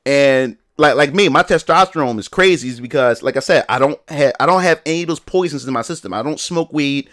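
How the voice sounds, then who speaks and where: A man's voice: mid-range voice, brisk, few pauses, a bit bright. A young man chatting casually on a livestream in a rambling, slangy way, full of restarts and fillers. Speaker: live streamer.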